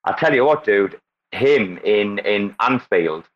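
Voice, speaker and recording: A man's voice: lowish voice, lively intonation, takes it slowly, muffled recording. A man hosting a casual online audio chat, boisterous, swearing and laughing a lot. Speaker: host. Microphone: online audio room.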